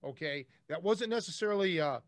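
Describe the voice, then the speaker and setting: High-voiced blunt man, dry sound. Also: animated, fairly quick, no echo. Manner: blunt, swears freely. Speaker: podcast host. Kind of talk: casual podcast storytelling.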